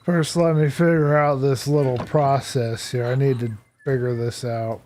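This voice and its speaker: A man's voice: mid-range voice, steady tone, moderate pace, darkish tone, slight background noise. A man live-streaming a building game, talking casually as he works things out and laughing at himself. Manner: chatty, thinks aloud, self-deprecating.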